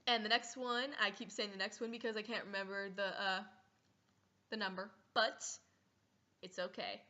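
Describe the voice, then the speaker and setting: Bright-voiced teenage girl vlogging playfully. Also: medium pitch, fairly even intonation, moderate pace, lo-fi sound. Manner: playful, acts out scenes, giggly. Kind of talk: casual comedic vlog.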